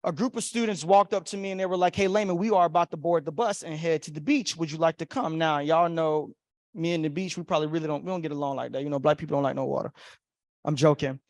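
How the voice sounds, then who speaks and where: A man giving a motivational keynote at a conference, telling a personal story with acted-out voices and big swings between loud and soft. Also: fairly high pitch, fast talker, no room sound. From Florida. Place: conference hall.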